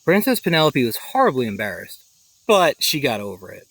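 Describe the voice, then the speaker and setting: Male read-aloud narrator for a kids' picture book: animated, bright, breaks off for casual asides. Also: medium pitch, fairly quick, no echo, low-quality recording. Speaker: storyteller.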